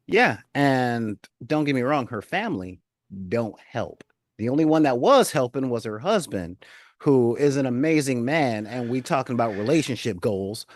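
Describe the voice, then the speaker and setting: Laid-back man with a lively voice, chuckling. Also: mid-range voice, normal speed, no echo, clean studio sound. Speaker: podcast co-host. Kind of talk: casual TV review chat.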